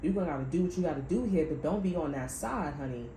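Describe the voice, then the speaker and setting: A woman with a low, mellow voice gives a casual tarot reading, blunt and full of profanity as she talks straight at her viewers. The sound bounces around a roomy space, with faint ambient noise behind her. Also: expressive, quick pace. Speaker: tarot reader. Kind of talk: casual spiritual reading monologue.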